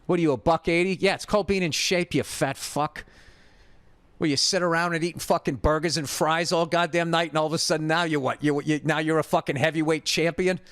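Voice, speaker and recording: A man's voice: fairly high pitch, a little fast, dry recording, studio quality. A middle-aged man with a Boston accent tells a story in a casual, profane rant, quoting other people as he goes. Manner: profane, ranting, animated retelling with acted quotes. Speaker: podcast host.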